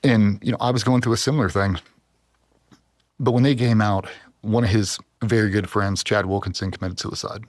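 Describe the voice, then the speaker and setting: Casting: low-voiced man, podcast guest, earnest and intense storytelling, dry studio sound. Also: steady tone, normal speed, no echo. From US East Coast. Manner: intense, heartfelt, emotional. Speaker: podcast guest, former Navy SEAL.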